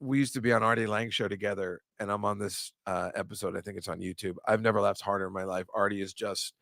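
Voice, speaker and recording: A man's voice: on the low side, steady tone, quick pace, vocal fry, a bit bright, no room sound, studio quality. A man hosting a casual comedy chat, rambling and sarcastic, often incredulous.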